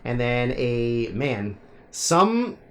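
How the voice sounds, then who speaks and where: A man's voice: mid-range voice, very animated, very slow. A man co-hosting a podcast in casual banter, rambling, swearing and laughing often. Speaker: podcast co-host.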